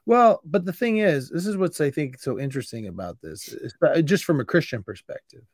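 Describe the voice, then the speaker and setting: A man's voice: fairly high pitch, lively intonation, fairly quick, no room sound, studio quality. A man hosting an interview, asking questions in an informal way and thinking aloud with frequent restarts. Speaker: interview host. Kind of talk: casual conversational interview.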